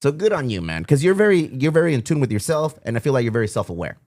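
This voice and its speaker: A man's voice: mid-range voice, sing-song, rapid-fire, a little mellow. A man hosting a podcast, joking around in slangy talk and calling everyone "bro" and "homie". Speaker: podcast host. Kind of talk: casual podcast interview.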